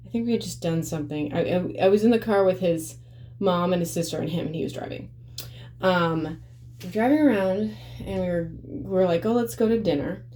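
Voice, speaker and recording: A woman's voice: fairly low pitch, fairly quick, warm tone. Blunt, swearing woman vlogger. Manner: blunt, profane and emphatic; rambling with many fillers. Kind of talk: casual monologue to camera.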